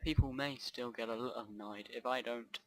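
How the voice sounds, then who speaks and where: A man's voice: mid-range voice, fairly even intonation, fairly quick, fairly bright tone, dry recording, low-quality recording. Rambling man narrating gameplay. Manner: rambling, off-track, self-interrupting. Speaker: let's play host.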